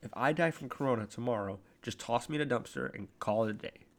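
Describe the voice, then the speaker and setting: A young man co-hosting a podcast in casual chat, blunt and deadpan as he teases. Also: medium pitch, fast talker. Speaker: podcast co-host.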